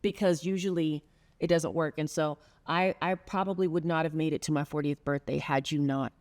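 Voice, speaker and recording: A woman's voice: low-pitched, fairly even intonation, fairly quick, darkish tone. A middle-aged woman hosting a heartfelt sit-down conversation, telling a story earnestly and laughing often. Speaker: podcast host.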